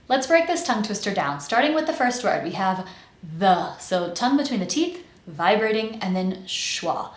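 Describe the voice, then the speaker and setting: A woman with an American accent teaching pronunciation, enunciating slowly and stretching out each sound. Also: medium pitch, lively intonation, echoey room. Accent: General American. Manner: slow, exaggerated enunciation with drawn-out sounds. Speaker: accent coach. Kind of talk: pronunciation lesson.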